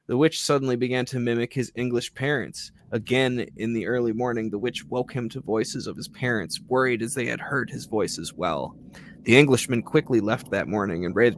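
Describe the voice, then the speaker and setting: A man's voice: medium pitch, slight background noise. A man hosting a podcast, reading a ghost story aloud and breaking off into profane, laughing asides.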